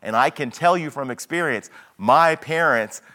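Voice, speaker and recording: A man's voice: fairly high pitch, moderate pace, sharp tone. A man preaching a sermon in an earnest, teaching manner, often restarting and repeating words.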